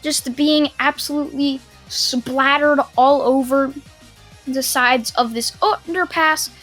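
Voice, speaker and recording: A woman's voice: sits high, steady tone, slow pace, a bit bright, soft background music. A teenage girl telling a fan-made anime story, rambling casually with lots of fillers and chatty asides.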